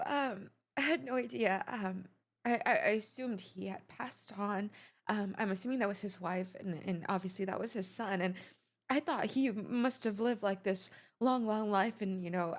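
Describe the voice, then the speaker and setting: A woman with a mid-range voice gives a casual reaction on camera, talking close to the mic. She stumbles through halting sentences full of fillers and restarts as she is overcome with emotion. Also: mid-range voice. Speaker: music reaction video host. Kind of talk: casual video reaction commentary.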